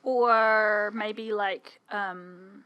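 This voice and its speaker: A woman co-hosting a let's play, chatting casually and reacting excitably and playfully to the game. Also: mid-range voice, extremely slow, smooth, no room sound, dull audio. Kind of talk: casual gameplay chat.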